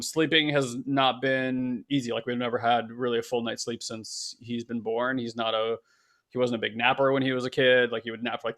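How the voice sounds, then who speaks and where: Male co-host from California, middle-aged, bright and smooth, easygoing reflective chat. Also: mid-range voice. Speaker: podcast co-host. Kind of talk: casual chat.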